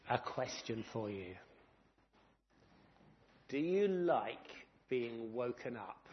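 A man's voice: medium pitch, lo-fi sound, slight background noise. A man giving a children's talk in a church service, telling a story and asking the children questions. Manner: animated storyteller who quizzes children. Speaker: minister.

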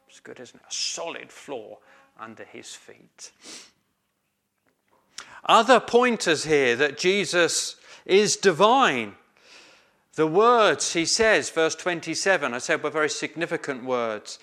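A man preaching a sermon slowly and emphatically, with some hesitant fillers. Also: a little high, animated, bright, forceful tone.

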